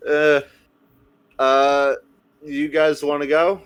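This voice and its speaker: A man's voice: on the high side, flat delivery, extremely slow, smooth, rough recording. A man playing in a tabletop game who makes short, casual remarks. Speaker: player.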